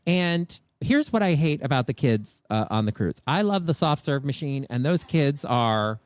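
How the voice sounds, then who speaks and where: Animated male podcast host. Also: medium pitch, moderate pace, smooth, no room sound. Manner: rants and acts out people in exaggerated voices. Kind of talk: live comedic podcast banter.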